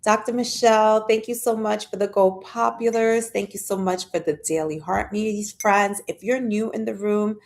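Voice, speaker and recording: Woman host, chatty live-stream chat, mid pitch, greets viewers and reads their comments, jumps high when excited. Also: moderate pace, few pauses.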